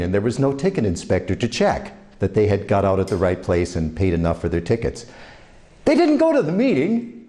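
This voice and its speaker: Lively older man with New York accent. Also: mid-range voice. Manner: anecdotal, acts out quoted voices. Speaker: speaker giving career advice. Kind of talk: motivational talk.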